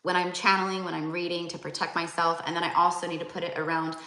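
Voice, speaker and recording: A woman's voice: on the low side, level tone, quick pace, pushed and bright, echoey room. A young woman and psychic tarot reader, talking casually and rambling with many fillers and restarts. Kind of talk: casual spiritual talk to viewers.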